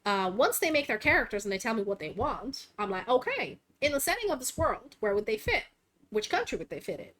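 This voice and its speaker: A woman's voice: a little high, big pitch swings, a little fast, a bit bright. A woman hosting a casual chat, rambling about her game world with many fillers and restarts. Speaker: vtuber host and game master.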